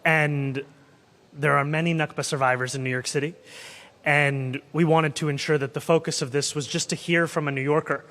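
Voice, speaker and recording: A man in the role of mayor giving a careful, measured answer to a reporter. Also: fairly high pitch, steady tone, fairly bright tone, big-room sound.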